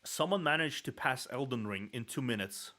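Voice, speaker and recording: A man's voice: mid-range voice, animated, normal speed, pushed and bright. A man with a Russian accent and rolled R's, a native Russian speaker, streaming as a VTuber in rambling casual talk with frequent laughs and restarts.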